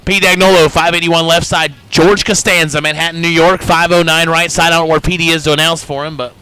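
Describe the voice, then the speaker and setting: A man with an Indiana accent calling drag races live from an announcer booth, brisk and joking as he reads out names and times. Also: on the high side, flat delivery, pushed and bright, smooth. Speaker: race announcer. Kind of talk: live drag-racing commentary.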